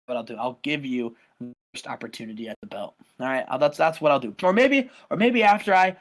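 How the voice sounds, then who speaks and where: A man's voice: medium pitch, lively intonation, brisk, pitched below the performer's own voice, lightly acted. A man voicing an arrogant male wrestling champion who mocks his brother in a game playthrough. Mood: boastful. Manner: boastful, mocking.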